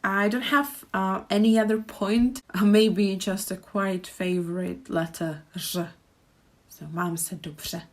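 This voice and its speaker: A woman with a Czech accent teaching pronunciation, speaking slowly and repeating each example phrase with care. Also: mid-range voice, steady tone. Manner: slow, careful demonstrations with repeated example phrases. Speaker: language teacher. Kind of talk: pronunciation lesson. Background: birdsong and traffic outside.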